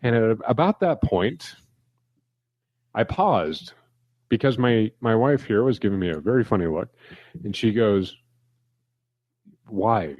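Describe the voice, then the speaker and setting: Low-voiced man telling stories animatedly. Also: unhurried, pauses often, dry recording, dull audio. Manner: animated storyteller. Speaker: podcast co-host. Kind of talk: casual chat.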